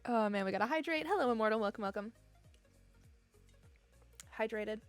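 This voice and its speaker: Young woman streamer, higher pitched, giggly and chatty, dry close sound. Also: lively intonation, moderate pace, no echo, soft background music. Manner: chatty, giggly, easily emotional. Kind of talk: casual chat with live viewers. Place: home room.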